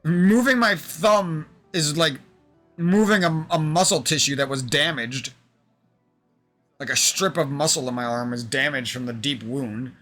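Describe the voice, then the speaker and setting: A man's voice: a little high, unhurried, fairly bright tone, soft background music. A young man streaming, venting in a rambling, aggrieved monologue full of swearing.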